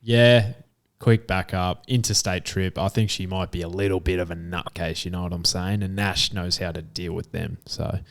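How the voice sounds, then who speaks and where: Laid-back Aussie bloke, smooth voice. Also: male voice, low voice, steady tone, moderate pace. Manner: laid-back, jokey, slangy. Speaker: podcast co-host. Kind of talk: casual racing podcast chat. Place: room at home.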